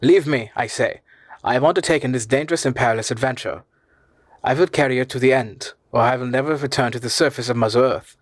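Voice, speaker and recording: A man voicing a stubborn elderly professor and explorer who speaks slowly and earnestly, turning harsh and commanding. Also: mid-range voice, fairly even intonation, no echo, natural voice.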